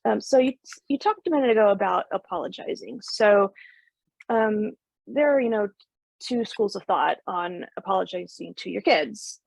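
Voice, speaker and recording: A woman host with a strongly gravelly, husky voice asks her questions thoughtfully, pausing and restarting. Her voice sits dry and close to the mic. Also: mid-range voice, dry recording, poor audio. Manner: thoughtful, hesitant, many "um" restarts. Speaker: podcast host. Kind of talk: podcast interview.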